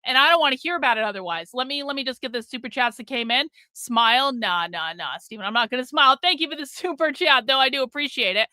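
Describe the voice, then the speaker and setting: Bright-voiced woman ranting on a livestream. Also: sits high, fast, few pauses, dry recording. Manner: profane, combative rant; sarcastic and mocking. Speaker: live-stream host. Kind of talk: live-stream commentary.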